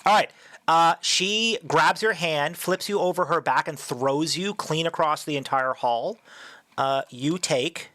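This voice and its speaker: A man's voice: fairly high pitch, measured pace, sharp tone. A man narrating as game master of a tabletop game, loose and laughing, with lots of fillers.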